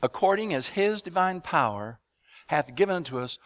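A man preaching a sermon to a congregation, asking them to respond and building up rhythmic repeated phrases into loud emphatic bursts. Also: on the high side, animated, normal speed, dry recording. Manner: addresses congregation with call-and-response questions.

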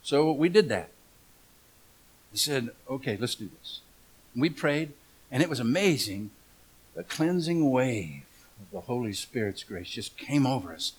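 A man's voice: mid-range voice, very animated, measured pace, pauses often, husky. A middle-aged man preaching a humorous storytelling sermon, folksy and joking, asking the congregation questions.

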